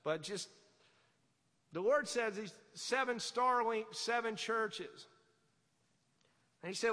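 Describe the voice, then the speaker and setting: A man preaching a fervent sermon, swinging from quiet asides to loud exhortation. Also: sits high, measured pace, long pauses, in a large hall. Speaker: pastor.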